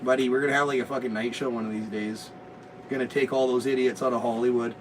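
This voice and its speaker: A man's voice: medium pitch, steady tone, fast talker. Crude joking man, off-mic. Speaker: vlog host. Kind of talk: rowdy casual chat. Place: inside a motorhome. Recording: distant mic, noisy motorhome.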